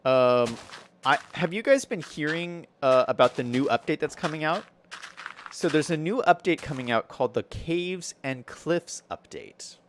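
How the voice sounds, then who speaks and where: A man's voice: on the high side, expressive, unhurried, a little hiss or hum. A man streaming a building game, chatting casually with viewers and thinking aloud as he builds, with an American accent and frequent laughs.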